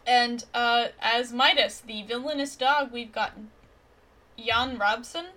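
A woman's voice: a little high, fairly even intonation, sharp tone. A woman co-hosting a podcast, chatting casually and playfully about a movie. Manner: enthusiastic, quick to agree, playful. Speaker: podcast co-host. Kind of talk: casual film review chat.

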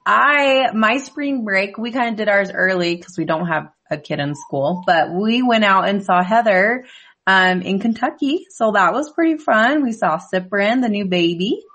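A woman's voice: medium pitch, lively intonation, unhurried, a bit bright. A woman from Idaho telling holiday stories in a casual family chat, laughing often and filling with um and like. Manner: giggly storyteller with many fillers. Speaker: family member chatting.

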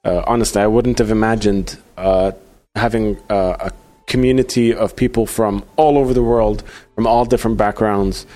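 A man hosting a podcast in casual chat, halting with many fillers and restarts. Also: lowish voice, fairly even intonation, mellow, soft background music. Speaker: podcast host.

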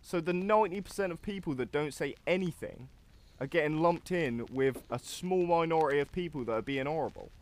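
A man's voice: on the high side, brisk. Casual man on a podcast. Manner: casual, filler-heavy, swears casually. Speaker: podcast co-host. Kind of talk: casual chat.

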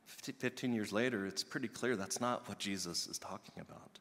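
A male pastor preaching a sermon in an earnest way, building to loud emphatic peaks and dropping soft again. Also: lowish voice, fairly quick, few pauses. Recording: long reverb of a large hall.

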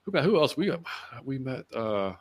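A man's voice: medium pitch, very animated, moderate pace. A middle-aged man hosting a podcast in casual chat, rambling loosely and tacking "man" onto his lines. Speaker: podcast host.

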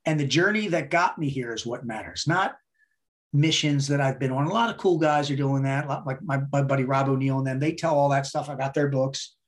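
A middle-aged man from the United States, a podcast guest, telling his story in a blunt, profane, animated way. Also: medium pitch, a little fast. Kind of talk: casual storytelling interview.

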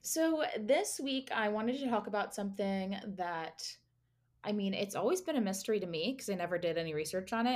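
A woman's voice: medium pitch, darkish tone. A young woman co-hosting a casual podcast, telling a story in a chatty, giggly way, full of fillers and asides. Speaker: podcast co-host presenting the topic.

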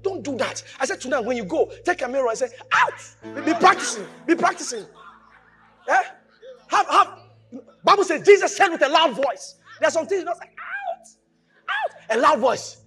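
A man preaching a sermon, animated, shouting at times, mimicking voices and laughing. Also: extremely high pitch, a little fast, soft background music. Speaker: pastor.

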